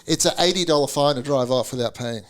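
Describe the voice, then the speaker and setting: A man's voice: mid-range voice, quick pace. A man with an Australian accent, firing off crude wisecracks in casual podcast banter. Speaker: podcast co-host.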